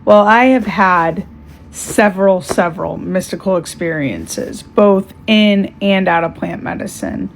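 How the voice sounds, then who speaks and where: A woman's voice: medium pitch, a little slow, vocal fry, slight background noise. A woman candidly and reflectively recounting a personal spiritual experience in casual speech. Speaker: storyteller sharing a spiritual experience. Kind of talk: casual spoken testimony.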